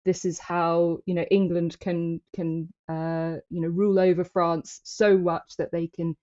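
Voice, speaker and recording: A woman's voice: on the low side, level tone, measured pace, warm tone. Thoughtful woman on dull lo-fi audio. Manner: thoughtful, hesitant with fillers. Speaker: podcast co-host. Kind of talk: casual discussion.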